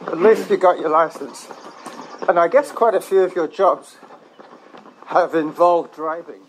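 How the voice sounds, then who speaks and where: A man's voice: fairly high pitch, a little slow, a little hiss or hum, rough recording. A man in casual conversation, asking friendly follow-up questions.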